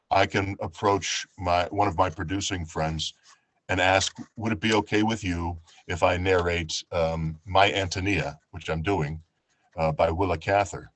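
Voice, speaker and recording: A man from New York, an audiobook narrator, talking casually over a video call in a relaxed, chatty way. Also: sits low, no echo. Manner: relaxed, chatty, with fillers and restarts.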